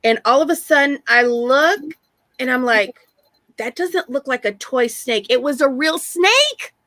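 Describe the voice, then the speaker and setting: Woman, live stream host, casual chat, rambling storyteller, bright, dry. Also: sits high, expressive, a little slow, dry recording. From Texas. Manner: chatty storyteller, rambling with many restarts.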